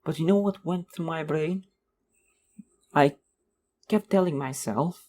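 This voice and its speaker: A man's voice: fairly high pitch, lively intonation, unhurried, darkish tone, a little hiss or hum. A young man hosting a podcast, rambling through a sarcastic casual rant and slipping into mocking voices. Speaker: podcast host. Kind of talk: casual monologue.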